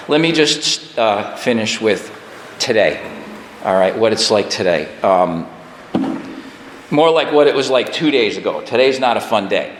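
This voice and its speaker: A man in his forties sharing a personal story at a recovery meeting, animated and self-deprecating, laughing at himself often. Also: fairly low pitch, a little slow, a little hiss or hum. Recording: echoey hall with long reverb.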